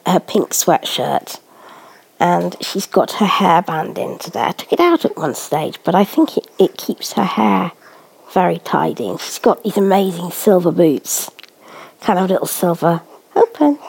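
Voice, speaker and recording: A woman vlogging casually while spoon-feeding a baby, cooing in baby talk and often dropping to a soft whisper. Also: fairly low pitch, animated, a little slow, creaky, slightly rough.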